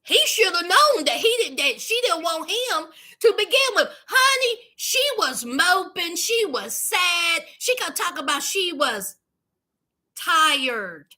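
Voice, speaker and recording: A woman's voice: very high voice, very animated, slow, bright, forceful tone. A woman giving a sassy, dramatic casual commentary recap as a YouTube host, calling her listeners honey and child.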